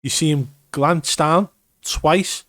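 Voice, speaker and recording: A man's voice: fairly high pitch, fairly even intonation, takes it slowly, fairly bright tone, no room sound, clean studio sound. A man giving an emphatic, step-by-step commentary on gameplay footage. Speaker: gaming commentator. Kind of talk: video breakdown commentary.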